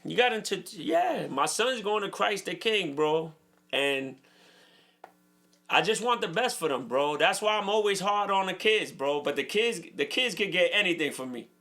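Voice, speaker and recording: Gravelly, bright-toned New York man. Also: high voice, animated, moderate pace. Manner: earnest, repeats "bro" often, emphatic. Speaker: co-host, father. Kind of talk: casual podcast conversation.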